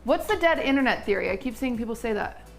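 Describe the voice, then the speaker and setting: A woman's voice: fairly high pitch, lively intonation, quick pace, faint music behind. A young woman hosting a cooking livestream, chatting casually with her guest and her chat as she cooks. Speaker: streamer host cooking on stream.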